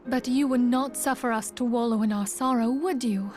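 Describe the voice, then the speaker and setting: An actress playing an earnest young woman leader in a game cutscene, speaking in a solemn, measured way. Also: on the high side, darkish tone, soft background music, lightly acted. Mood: sorrowful resolve. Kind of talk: video game cutscene dialogue.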